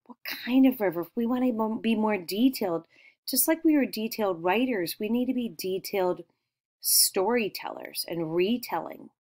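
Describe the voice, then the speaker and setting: A woman's voice: mid-range voice, a little mellow. A woman teacher guiding young children through retelling a story, asking questions and praising their answers. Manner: slow, encouraging questions.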